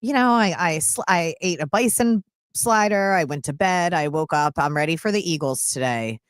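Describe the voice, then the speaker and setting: A woman from Philadelphia with a Philadelphia accent, hosting a casual sports radio chat with quick, animated asides. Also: on the low side, no echo, clean studio sound. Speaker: radio show host.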